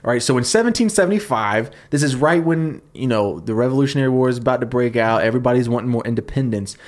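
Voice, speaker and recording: A man telling a story on a comedy podcast, talking fast and loosely. He piles on fillers and jokes as he goes. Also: medium pitch. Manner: fast, animated retelling with fillers and laughs. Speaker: podcast co-host pitching a story.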